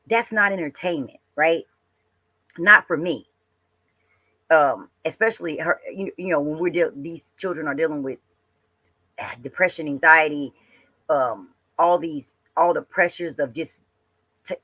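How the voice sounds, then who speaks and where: A host giving livestream commentary, speaking haltingly with many fillers and addressing viewers directly. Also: mid-range voice, a bit bright, poor audio.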